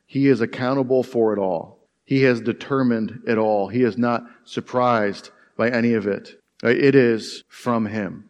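A man's voice: medium pitch, steady tone, a little slow, hardly any pauses, darkish tone. Earnest male pastor in reverberant hall. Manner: earnest, conversational preaching with repeated phrases. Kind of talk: sermon.

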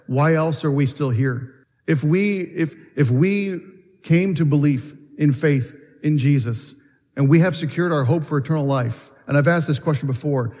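A man's voice: a little high, darkish tone. A man preaching a sermon in earnest, asking questions and often restarting his phrases. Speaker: pastor. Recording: long reverb of a church hall.

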